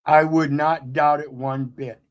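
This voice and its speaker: Fired-up guy ranting, preachy and defiant, kinda high voice. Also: little pitch movement, unhurried. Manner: preachy, defiant, swings between loud and low. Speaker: commentary host. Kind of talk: fired-up commentary.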